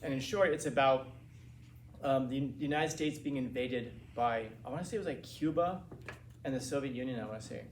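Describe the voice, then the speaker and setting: A man's voice: mid-range voice, a little fast. Rambling male teacher in an echoey classroom. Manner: rambling, animated storytelling with frequent restarts. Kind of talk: informal classroom lecture. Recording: roomy classroom from a distance, faint hiss.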